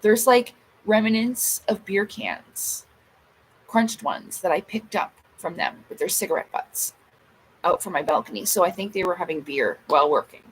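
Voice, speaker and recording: A woman's voice: on the low side, expressive, normal speed, poor audio. A woman venting to her viewers in a casual vlog, agitated and swearing as she acts out her own side of arguments. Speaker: vlogger. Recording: faint background noise.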